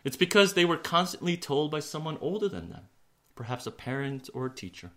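A man preaching a sermon in an earnest way, slowing for emphasis and sinking to a hush on key words. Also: a little high, animated. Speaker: pastor.

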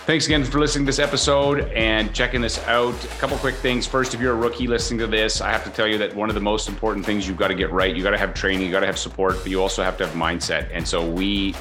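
A man's voice: on the low side, fairly even intonation, quick pace, hardly any pauses, music in the background. A man hosting a training podcast, speaking earnestly and encouragingly to his listeners as a mortgage brokerage trainer. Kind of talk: motivational training talk.

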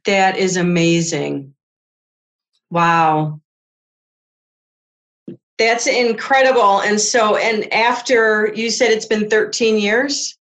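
Unhurried woman interviewer. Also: medium pitch, fairly bright tone. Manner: responsive, reacts with exclamations. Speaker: host. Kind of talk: casual interview.

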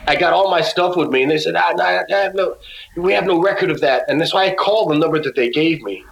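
Male guest, casual storyteller, a little high-voiced, halting with restarts, roomy echo. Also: vocal fry. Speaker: guest musician.

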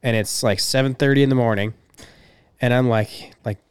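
Young male podcast co-host, smooth and dry, relaxed storyteller who swears casually. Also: medium pitch, normal speed, dry recording. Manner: laid-back storyteller, swears freely, laughs often. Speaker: podcast co-host and race promoter. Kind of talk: casual chat.

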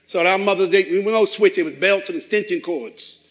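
A middle-aged man preaching a sermon, animated and acting out quoted voices. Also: high-pitched, normal speed, rough recording. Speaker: pastor.

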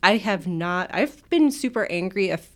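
A woman nurse on a podcast, telling a story in casual chat, swearing a lot, animated and laughing often. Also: mid-range voice, moderate pace.

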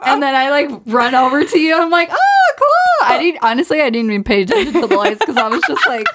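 A woman's voice: high voice, fast, background noise. A woman co-hosting a podcast, telling a story in casual chat and acting out what people said. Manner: animated storytelling, acts out quotes, swears casually. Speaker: podcast co-host.

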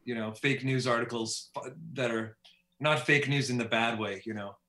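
Bright-voiced man in an echoey room. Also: mid-range voice, steady tone, normal speed. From Steinbach, Manitoba, Canada. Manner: easygoing, many fillers, light laughs. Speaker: author and guest. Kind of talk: casual podcast interview.

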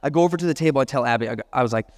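A man's voice: medium pitch, racing. A man in his thirties, a pastor preaching a sermon and telling a self-deprecating personal story with chatty asides. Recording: long hall reverb.

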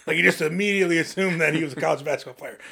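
A young man co-hosting a podcast, telling family anecdotes in a casual, animated way and often laughing. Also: fairly high pitch, very fast, creaky, slightly rough. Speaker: podcast co-host. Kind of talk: casual chat, storytelling.

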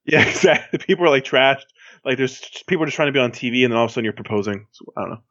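A man from Miami chats casually as a podcast co-host. He rambles, full of fillers and restarts. His voice sits at an ordinary middle pitch and comes through a dull, lo-fi recording. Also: rapid-fire, a bit bright, no room sound. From Miami, Florida. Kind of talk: casual chat. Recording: dull lo-fi sound.

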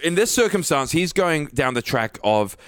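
A man's voice: a little high, very animated, normal speed, fairly bright tone. A man co-hosting a podcast, telling rambling stories in casual chat and swearing freely. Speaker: podcast co-host.

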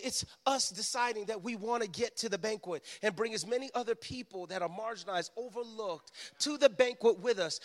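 High-voiced New York preacher, shouting. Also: male voice, big-room sound. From the Bronx, New York. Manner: builds from quiet talk to shouted preaching. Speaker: pastor. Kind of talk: sermon.

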